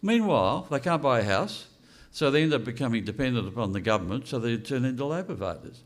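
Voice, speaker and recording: Older aussie bloke speaking at an event, blunt and animated, keeps asking questions. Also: male voice, mid-range voice, quick pace. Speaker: speaker at a political launch event. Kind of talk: unscripted speech to an audience.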